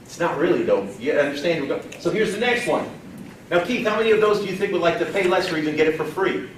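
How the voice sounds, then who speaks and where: Folksy male trainer, high-pitched, heard from far back in a very echoey room. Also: expressive, quick pace, slight background noise. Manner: folksy, emphatic, quizzes the audience. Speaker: sales trainer. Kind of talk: live training seminar. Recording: echoey room, distant mic.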